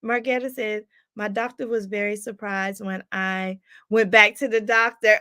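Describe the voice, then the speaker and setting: A woman life coach hosting a live stream, reading out viewer comments in a lively, laughing, preacherly way. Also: medium pitch, a little slow, no room sound, studio quality. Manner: animated, laughs often, preacherly call-and-response.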